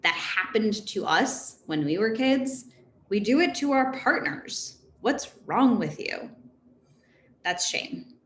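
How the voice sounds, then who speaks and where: In an echoey space with faint noise behind her, a thirty-something therapist presents informally to a parent council. Her mid-range voice moves slowly, and her delivery is lively and chatty, with laughter between points.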